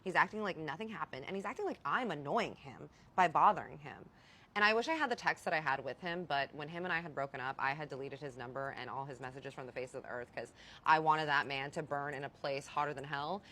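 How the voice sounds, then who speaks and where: A woman's voice: deep voice, fast. A young woman telling a personal story in a casual vlog, emphatic and acting out the quotes of the people in it. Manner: animated, emphatic, acts out quotes.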